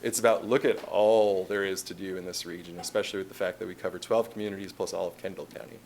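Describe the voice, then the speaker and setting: A man's voice: low voice, fairly even intonation, quick pace, darkish tone, a little hiss or hum. A man with a Chicago accent presenting a tourism marketing plan to a city council, casual and conversational with frequent fillers and restarts. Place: council meeting chamber.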